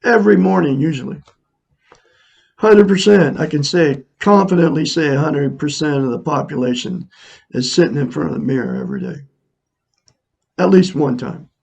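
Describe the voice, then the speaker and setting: A man's voice: on the high side, sing-song, normal speed, creaky, long pauses, darkish tone, slightly rough, muffled recording. A man in his sixties earnestly talking to viewers in a casual, repetitive, preachy monologue. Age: 60s. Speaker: self-help vlogger. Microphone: camera mic, looking into a mirror.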